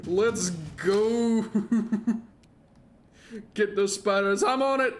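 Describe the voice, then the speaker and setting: A man streaming a game, giving excitable, joking commentary and laughing often. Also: high-pitched, drawn-out words, a little hiss or hum. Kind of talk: casual gameplay commentary.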